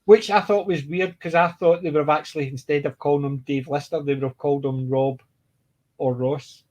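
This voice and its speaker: Man, casual fan discussion, rambly, a bit higher-pitched than most. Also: fairly even intonation, a little fast, a little mellow. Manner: rambling, restarts often, laughs while retelling jokes. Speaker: podcast co-host.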